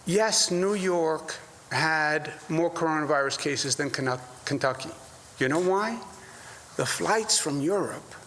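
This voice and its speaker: A man's voice: a little high, a bit bright, slight background noise. A man, a state governor, answering reporters at a press briefing, emphatic and repeating his points with rising indignation. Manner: emphatic, repeats phrases, rises when indignant.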